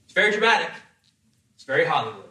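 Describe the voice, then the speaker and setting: Animated preacher in an echoey room. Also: male voice, fairly high pitch, fast, distant mic, slight background noise. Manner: animated, acts out voices with humor. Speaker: pastor. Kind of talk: sermon.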